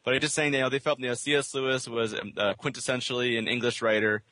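A man's voice: medium pitch, fairly even intonation, fast, pushed and bright, no room sound. A man co-hosting a podcast in casual chat, rambling with many restarts and fillers. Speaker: podcast co-host.

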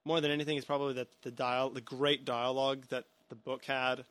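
A man's voice: mid-range voice, little pitch movement, fairly quick, fairly bright tone. A man hosting a podcast, chatting casually about a film with many restarts and hedges. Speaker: podcast host.

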